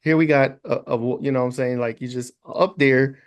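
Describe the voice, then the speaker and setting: A man co-hosting a casual podcast, relaxed and slangy, asking his guest questions. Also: medium pitch, fairly quick. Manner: laid-back, uses slang and filler like "you know what I'm saying". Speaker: podcast co-host.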